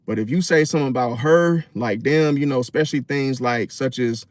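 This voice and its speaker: A man's voice: mid-range voice, a little fast, no room sound, clean studio sound. A man in a casual, rambling monologue about relationships and astrology, slangy and profane, full of fillers.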